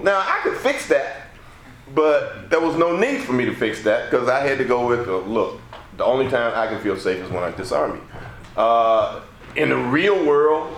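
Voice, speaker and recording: A man on a press panel giving a measured, reflective answer. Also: on the low side. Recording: echoey room, some background noise.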